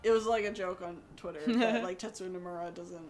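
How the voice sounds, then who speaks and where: A woman's voice: lowish voice, steady tone, fairly quick, over music. A young American woman with a general American accent chatting casually over a video game, explaining things at length with lots of fillers. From United States. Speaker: co-host of a let's play. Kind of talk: casual gaming chat.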